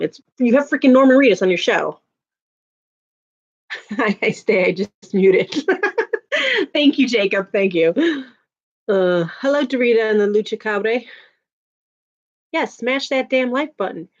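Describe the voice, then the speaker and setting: A woman's voice: medium pitch, expressive, a little slow, long pauses, muffled recording. A woman hosting a casual livestream, chatting with viewers, venting and laughing often. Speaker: livestream host reading chat.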